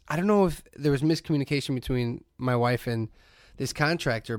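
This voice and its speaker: Brief: thirties male co-host, casual storyteller with mid pitch who does voices, dry close mic. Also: no echo. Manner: animated storyteller, acts out quoted voices, swears, laughs often. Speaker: podcast co-host. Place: brewery.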